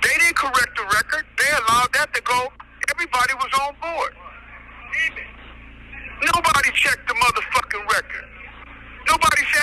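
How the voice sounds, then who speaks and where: A man's voice: very high voice, moderate pace, long pauses, noisy background. A man giving a heated, profane monologue about his own court case. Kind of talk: angry monologue.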